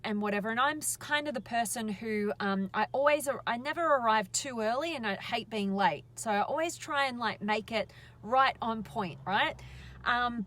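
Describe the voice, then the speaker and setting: A woman, a life coach, chats into her phone from a parked car. Her voice sits a little high. She tells her story in a loose, rambling way, full of fillers and restarts. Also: fairly bright tone. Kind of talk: casual Facebook Live storytelling. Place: inside a parked car by the road.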